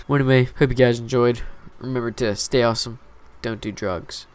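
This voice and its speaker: Speaking at normal speed with fairly even intonation and a medium pitch, a man narrates a casual storytime for his YouTube channel. He rambles, swears often and leans heavily on filler words, with faint music in the background.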